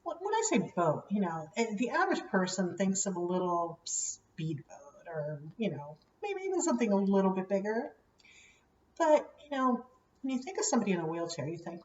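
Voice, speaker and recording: A woman telling a personal story in a casual vlog, chatty with many fillers and lively quoted voices. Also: medium pitch, normal speed, reverberant, distant mic, muffled recording, a little hiss or hum. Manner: chatty, many "you know" fillers, animated quoting. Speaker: vlogger.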